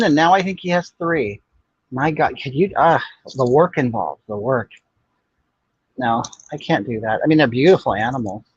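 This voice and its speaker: An older man hosts a casual livestream chat, answering viewers' comments in a sassy, blunt, gossipy way. His fairly high voice has a breathy edge, with no echo, and the dry audio sounds dull and muffled.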